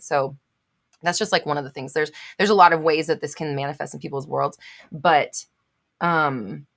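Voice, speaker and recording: A woman with a slightly low voice hosts a live question-and-answer stream. She reads out comments from viewers and answers them in a blunt, emphatic way, repeating her points and swearing freely. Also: a bit bright.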